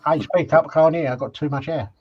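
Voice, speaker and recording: A man's voice: on the high side, fairly even intonation, brisk, slightly rough. A man co-hosting a casual live stream, answering his partner with short teasing quips. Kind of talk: casual chat. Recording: dull lo-fi sound.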